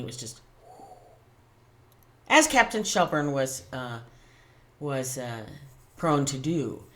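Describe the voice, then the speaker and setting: Low-voiced woman telling a story casually. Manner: animated anecdote-telling with laughs and restarts. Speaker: tarot channel host.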